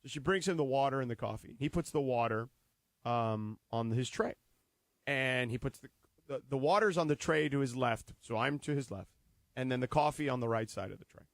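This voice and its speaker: A man co-hosting a sports radio show, chatting casually, reading an ad and telling a story with lively acted-out bits. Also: mid-range voice, a little fast, no echo. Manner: animated storyteller, acts out scenes. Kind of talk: casual radio banter and live ad read. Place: radio studio.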